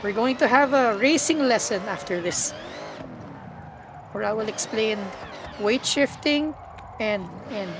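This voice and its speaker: Excitable young woman streaming a driving game. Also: on the high side, unhurried, long pauses. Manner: excitable, squealing, stammering and laughing while driving. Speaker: automotive VTuber streamer. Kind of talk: live gaming stream commentary. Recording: car engine noise behind.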